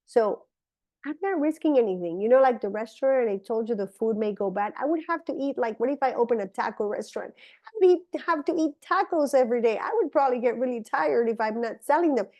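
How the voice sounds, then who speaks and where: A woman's voice: fairly high pitch, expressive, fast, darkish tone, dull audio. A woman gives an enthusiastic, persuasive business opportunity presentation in a conversational tone. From Colombia. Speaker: network marketing presenter.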